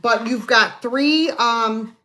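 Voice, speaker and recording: Slow-talking woman hosting a live sale. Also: on the high side, sharp tone. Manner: chatty, folksy, counts down sales. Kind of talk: live selling stream.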